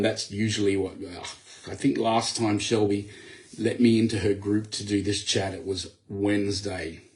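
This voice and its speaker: Rambling man in a casual live chat. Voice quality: gravelly, low voice. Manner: rambling, with many fillers and restarts. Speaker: author. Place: home at night. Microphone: computer or phone for live video.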